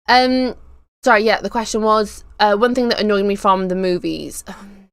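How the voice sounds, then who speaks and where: A woman in her thirties hosting a casual live stream, chatty, excitable and a little nervous, drifting onto tangents. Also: medium pitch, moderate pace, no echo. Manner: nervous, giggly.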